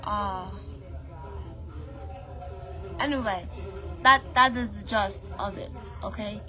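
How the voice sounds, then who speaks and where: Soft background music accompanies a vlogger from Brooklyn, New York, whose accent shows Trinidadian influence. In a medium-pitched, sharp voice and a slightly slow pace, she rants bluntly and profanely to camera, full of emphatic rhetorical questions.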